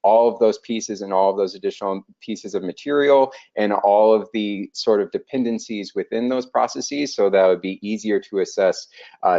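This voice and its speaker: A man's voice: on the low side, dark tone. A man giving a technical webinar presentation, hesitant, with many fillers and restarts. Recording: dull lo-fi online call audio.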